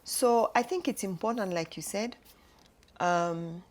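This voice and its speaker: A middle-aged woman, the host's mother, talking in a measured, reflective way with halting restarts. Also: mid-range voice. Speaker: guest, mother. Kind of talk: casual conversation.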